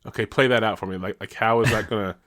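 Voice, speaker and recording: A man's voice: fairly low pitch, steady tone, quick pace, a bit bright, no room sound, studio quality. A man co-hosting a podcast in casual chat, laughing often and restarting his sentences. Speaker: podcast co-host.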